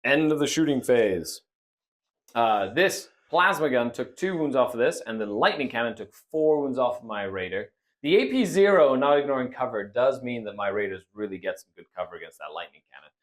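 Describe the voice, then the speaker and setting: Lively, upbeat man narrating a battle report. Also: medium pitch, a little fast. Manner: animated, laughs often, playful exclamations. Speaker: host and player. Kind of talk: tabletop battle report commentary.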